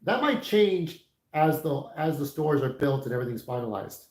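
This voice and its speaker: A man's voice: fairly high pitch, expressive, moderate pace, darkish tone, low-quality recording. A man in his forties chatting casually on a livestream, candid and opinionated, talking straight to his viewers. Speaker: YouTube livestreamer.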